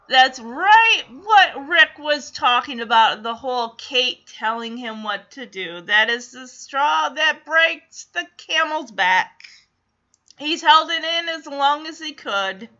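A woman with a high, bright voice recaps a TV show in a chatty, animated way, her pitch leaping about. The recording is dull and lo-fi. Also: a little slow. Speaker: TV recap vlogger. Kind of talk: casual recap with clips.

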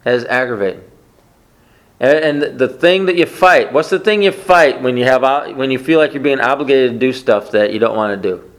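A man's voice: mid-range voice, fairly quick. A man preaching a conversational sermon, often asking the congregation questions. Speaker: pastor.

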